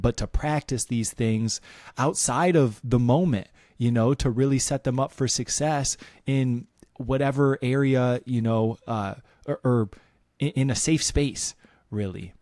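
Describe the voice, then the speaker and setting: A man's voice: mid-range voice, a little slow, dark tone, dry recording, clean studio sound. A man in his thirties hosting a podcast, speaking reflectively and thinking aloud with restarts and fillers. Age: 30s. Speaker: podcast host. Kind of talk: casual podcast conversation.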